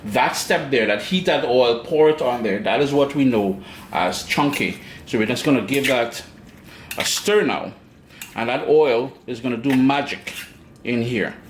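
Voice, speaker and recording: A man's voice: medium pitch, unhurried, a little hiss or hum. A man with a Caribbean accent hosting a cooking demonstration in his home kitchen, chatting playfully to viewers with asides. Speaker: cooking show host. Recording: echoey kitchen with utensil clatter. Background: clinking dishes and cutlery.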